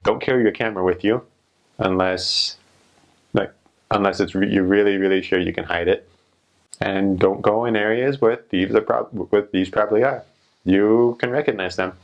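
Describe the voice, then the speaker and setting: A young man with a somewhat low voice tells a story, rambling and chatty. He leans on "like" fillers and loose restarts as he goes. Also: steady tone, moderate pace, creaky, lo-fi sound. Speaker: returned missionary. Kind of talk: casual storytelling.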